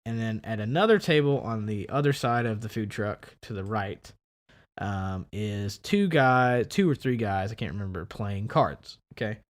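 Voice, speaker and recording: Animated storytelling podcast man. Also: moderate pace. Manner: animated, acts out quoted people with big pitch jumps. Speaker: podcast co-host. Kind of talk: casual storytelling chat.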